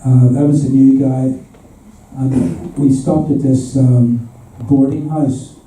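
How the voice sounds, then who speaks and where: Speaking slowly in a warm, level, medium-pitched voice, a Belfast man in his seventies is a guest musician sharing chuckling stories with a live audience. He's from Northern Ireland, and the sound comes from far off in an echoey hall.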